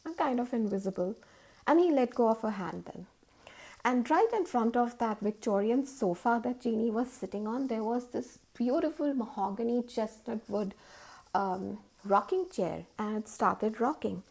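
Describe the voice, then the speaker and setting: A woman's voice: a little high, moderate pace, creaky, darkish tone. A woman telling a story in a chatty, casual way, with many fillers.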